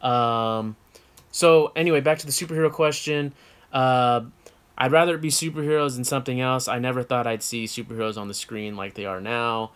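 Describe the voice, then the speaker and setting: A man's voice: mid-range voice, steady tone, fairly quick, smooth. A man from the United States co-hosting a casual chat show, answering viewer questions in a frank, rambling way with many fillers and self-corrections.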